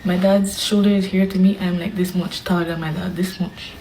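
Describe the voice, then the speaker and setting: A young woman tells a story casually, animated and dramatic, with hushed asides. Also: on the low side, fairly quick, slight background noise, low-quality recording. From Belize. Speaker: vlogger.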